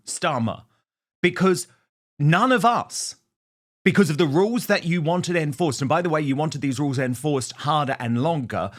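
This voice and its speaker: A man hosting political commentary, scornful and punchy, mocking his targets. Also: a little high. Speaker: host.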